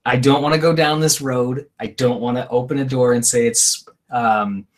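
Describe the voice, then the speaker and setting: A man's voice: medium pitch, fairly even intonation, moderate pace. A man co-hosting a casual live stream, chatting and reading out viewer comments. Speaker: co-host.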